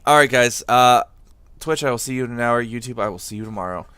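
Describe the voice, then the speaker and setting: A young man from the area chats loosely on a gaming podcast. His voice sits at an ordinary middle pitch, and the mic catches it dry and close. He talks in a relaxed way, swears casually and breaks into laughs. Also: quick pace, clean tone, dry recording. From Boston area, USA. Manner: laid-back, swears, laughs often. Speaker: podcast co-host. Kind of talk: casual chat.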